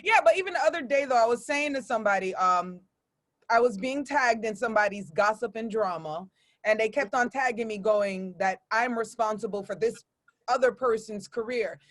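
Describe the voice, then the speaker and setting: A woman's voice: fairly high pitch, animated, normal speed. A woman hosting a podcast interview, chatty and blunt. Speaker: radio host. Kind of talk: casual interview chat.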